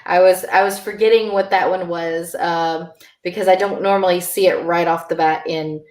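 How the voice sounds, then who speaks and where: A woman teaching a beginner online language lesson, halting, with many fillers. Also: lowish voice, steady tone, darkish tone, roomy sound.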